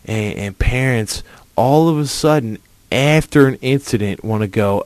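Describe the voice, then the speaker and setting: A man's voice: medium pitch, unhurried, darkish tone, no room sound. A young man hosting a podcast, ranting angrily, confrontational, swearing nonstop. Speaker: podcast host. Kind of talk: profane angry rant.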